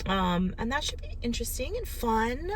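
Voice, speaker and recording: A woman's voice: on the high side, very animated, moderate pace. A woman vlogger chatting casually and rambling with lots of fillers while she drives, recorded on a phone. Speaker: lifestyle vlogger. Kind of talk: casual vlog storytelling. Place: inside a car while driving. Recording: car road noise behind.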